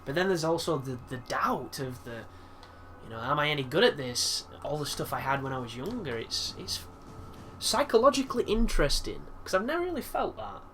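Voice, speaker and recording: A man's voice: a little high, very animated, brisk, a bit bright, slight background noise. A young man giving casual, rambling gameplay commentary, reflective and casually swearing. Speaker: let's-play commentator.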